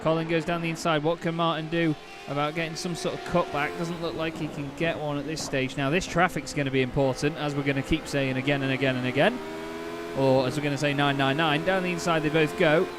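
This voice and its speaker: A man doing play-by-play commentary on a sim race, chatty and quick to correct himself, getting excited at incidents. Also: a little high, background noise.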